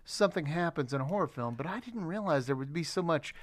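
A man's voice: fairly high pitch, expressive, fast talker, no echo. A man co-hosting a podcast, joking wryly with a lot of stammered restarts. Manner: stammering restarts, wry jokes. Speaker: podcast co-host. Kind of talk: casual podcast chat.

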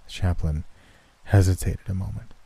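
A man narrating a horror story in a measured, steady way. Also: sits low, vocal fry, slightly rough. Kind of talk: scripted narration.

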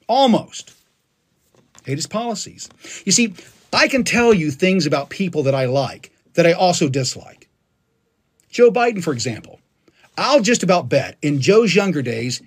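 A man's voice: a little high, husky. A man hosting a live stream, delivering an emphatic, passionate rant with frequent restarts. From United States. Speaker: political livestream host. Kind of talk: ranting monologue on a live stream.

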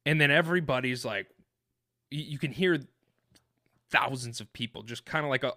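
A man co-hosting a podcast, retelling an experience in an excited, rambling way, full of restarts and fillers. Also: medium pitch, brisk, no room sound, studio quality. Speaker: podcast co-host. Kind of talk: animated storytelling in casual chat.

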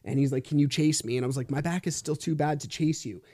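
Lying in bed at home with a sore back, a man talks fast through his solo podcast, cursing freely in frustration as the story unfolds. His tone is mellow and relaxed at an ordinary pitch, and the recording is dry and close.

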